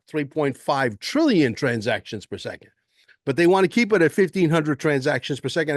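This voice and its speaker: A man's voice: on the high side, no echo. Older man rambling emphatically, dry sound. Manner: rambling, emphatic, repeats words for stress. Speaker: host and precious metals dealer. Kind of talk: casual livestream talk.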